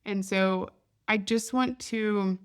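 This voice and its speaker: Woman, 30s, podcast host: casual, candid storyteller at a mid pitch. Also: fairly even intonation, takes it slowly, clear, resonant tone. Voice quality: chatty, candid, down-to-earth. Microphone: podcast microphone.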